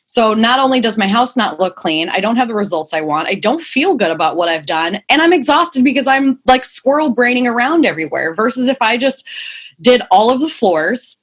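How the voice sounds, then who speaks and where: A woman's voice: fairly high pitch, lively intonation, a little fast. A young woman, a mother of two, talking casually and at length as a podcast guest, rambling and emphatic. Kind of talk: casual interview chat.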